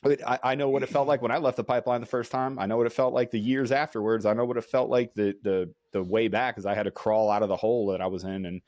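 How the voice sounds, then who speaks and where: A man's voice: medium pitch, fairly even intonation, quick pace, few pauses, darkish tone, dry recording, clean studio sound. A man hosting a podcast, talking earnestly and emphatically to encourage his guest. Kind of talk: casual chat.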